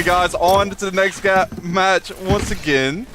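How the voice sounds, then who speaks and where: A man's voice: high-pitched, moderate pace, few pauses, background noise. A young man streaming a video game live, chatting casually, reading chat messages aloud and laughing often. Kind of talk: live gameplay commentary.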